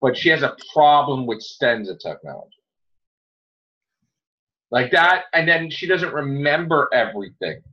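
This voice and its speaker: A man's voice: mid-range voice, very animated, measured pace, long pauses, sharp tone. A man hosting a casual podcast chat, ranting and swearing freely. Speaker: podcast host. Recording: dull lo-fi audio.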